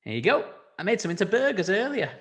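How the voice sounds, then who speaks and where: A man voicing a gruff, crude male farmer with a put-on rural accent in an improvised comedy scene. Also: high voice, sing-song, quick pace, fairly bright tone, voice pushed up. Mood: callous. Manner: blunt, sweary, offhand.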